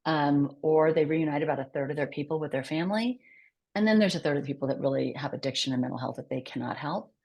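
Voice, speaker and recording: Female guest, low register, animated storyteller who voices the dialogue. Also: quick pace, creaky, breathy edge. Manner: animated, acts out quoted dialogue. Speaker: podcast guest, charity founder. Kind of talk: conversational storytelling.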